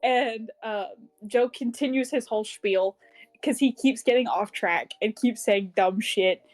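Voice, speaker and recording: A woman's voice: on the high side, a little slow, darkish tone, faint music behind. A woman co-hosting a book club podcast, chatting casually about a novel, giggling often and swearing freely as she gushes. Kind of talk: casual chat recapping a novel.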